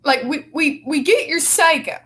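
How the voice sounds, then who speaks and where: A woman's voice: sits high, lively intonation, normal speed, fairly bright tone. A woman hosting a casual group chat, heated, indignant and swearing freely. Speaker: host.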